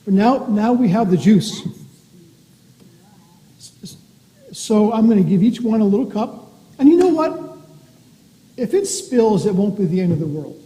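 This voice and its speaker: A minister giving a gentle, playful communion talk to children in a church sanctuary, explaining things in simple words. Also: mid-range voice, expressive, a little slow, pauses often, slightly rough. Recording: long church reverb.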